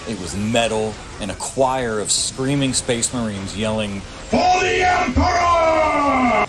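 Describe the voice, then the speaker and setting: A gaming video creator in his thirties, with a lowish voice, reads a scripted video essay about strategy games over a noisy background. His delivery is sardonic and crude, with punchy asides.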